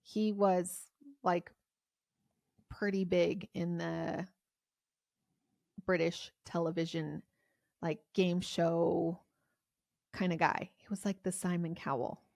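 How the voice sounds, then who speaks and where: A woman's voice: on the low side, fairly even intonation, takes it slowly, creaky, pauses often, darkish tone, no echo. A woman hosting a podcast, telling a true crime story in a chatty way with many fillers. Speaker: podcast host.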